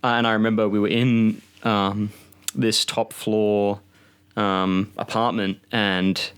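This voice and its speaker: A young Australian man on a podcast, relaxed as he tells a personal anecdote. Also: lowish voice, takes it slowly, clean tone. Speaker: podcast co-host. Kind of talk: casual storytelling.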